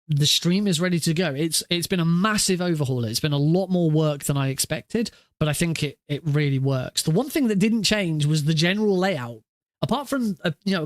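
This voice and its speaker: A man's voice: a little high, no room sound, studio quality. A man streaming a speedrun, talking casually and rambling, often restarting his sentences as he fixes his setup. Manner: rambling, self-correcting, chatty. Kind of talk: casual live-stream chat.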